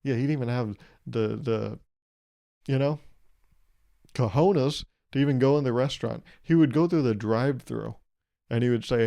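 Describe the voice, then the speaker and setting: A man's voice: medium pitch, moderate pace, vocal fry, pauses often, mellow. A young man hosting his own podcast, rambling through a solo comedic monologue in a sarcastic, mock-serious way and laughing at his own jokes. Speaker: podcast host.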